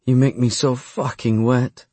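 A man with a husky voice voicing a breathless woman lover who pleads and cries out in an erotic audiobook. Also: medium pitch, level tone, measured pace, mellow, dry recording, voice pushed up. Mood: aroused.

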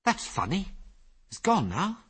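A man voicing an excitable young airman who blurts out eager, breathless exclamations. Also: fairly high pitch, a little fast, breathy edge, pitched above the performer's own voice, heavily acted. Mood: insistent.

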